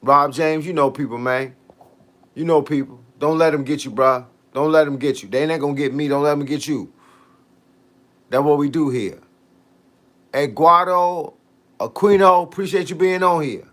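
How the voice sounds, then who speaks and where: His voice is a little high, with fairly even intonation. This middle-aged man keeps an easygoing, slangy tone on a fitness livestream, drifting into long tangents while he reads and responds to viewer comments.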